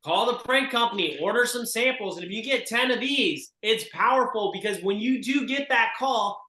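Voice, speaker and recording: A man coaching real estate agents in a group session, forceful and emphatic as he urges them on. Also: sits high, lively intonation, normal speed, few pauses, echoey room, rough recording. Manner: forceful and emphatic, urging listeners on.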